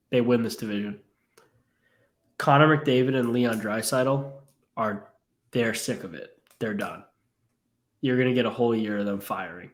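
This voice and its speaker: A man co-hosting a podcast, animated and emphatic, quick to jump into the hockey talk. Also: medium pitch. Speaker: podcast co-host. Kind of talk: casual hockey chat.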